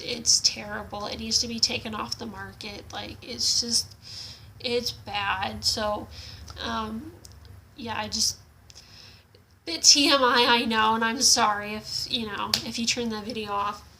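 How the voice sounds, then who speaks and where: A woman's voice: on the high side, gravelly, sharp tone, a little hiss or hum, rough recording. A young woman telling her story in a casual home vlog, frank and frustrated, with lots of fillers and restarts. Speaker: vlogger.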